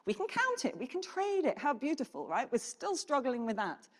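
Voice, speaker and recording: A woman giving a conference presentation, animated and putting questions to the audience. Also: high-pitched, moderate pace. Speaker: keynote speaker. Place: conference hall. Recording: reverberant hall.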